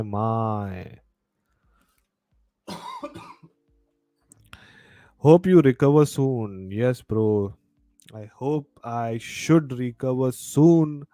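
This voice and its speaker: A man's voice: mid-range voice, warm tone, no room sound, studio quality. A man with a bad cold, hosting a casual live stream, chatting and reading viewer comments aloud. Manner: chatty, reads viewer comments aloud, mixes Hindi into English.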